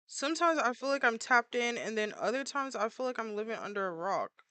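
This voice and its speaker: A woman's voice: a little high, lively intonation, fairly quick, a bit bright, no room sound. A woman artist chatting casually and playfully with her viewers while she draws, full of filler words. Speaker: artist streaming while drawing. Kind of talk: casual livestream chat with viewers.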